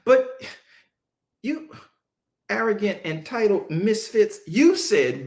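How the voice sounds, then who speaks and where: A male preacher teaching a Bible-study sermon, emphatic and conversational, drawing answers from his listeners and slowing down to stress scripture. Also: sits high, expressive. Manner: casual Southern-leaning vernacular, mocking asides.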